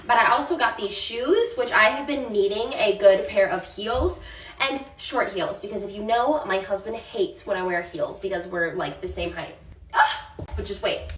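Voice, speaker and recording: Playful twenties woman doing a haul, kinda high voice, mic a bit far off. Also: animated, moderate pace, fairly bright tone. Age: 20s. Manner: bubbly and playful. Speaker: lifestyle creator. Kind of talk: try-on haul vlog. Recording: echoey room, off-mic, faint hiss.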